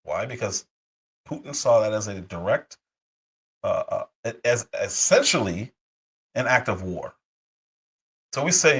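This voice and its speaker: Husky hoarse man ranting on a livestream. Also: on the low side, lively intonation, unhurried, pauses often, a bit bright, rough recording. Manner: heated, rhetorical questions, frequent fillers and restarts. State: hoarse from a cold, coughing. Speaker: livestream host. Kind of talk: political commentary livestream.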